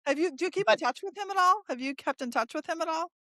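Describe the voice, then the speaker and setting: A woman in her forties hosting an interview, chatty and animated, retelling shared work stories with frequent fillers. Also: extremely high pitch, fast, no room sound, studio quality. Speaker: podcast host. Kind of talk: casual conversational interview.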